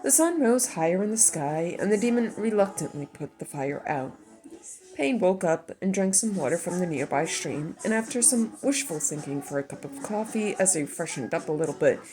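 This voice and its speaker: A woman with a low voice reads her own story aloud, stopping now and then for chatty, self-deprecating asides. Soft music plays faintly underneath. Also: animated, normal speed, rough recording. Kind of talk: story reading with casual asides.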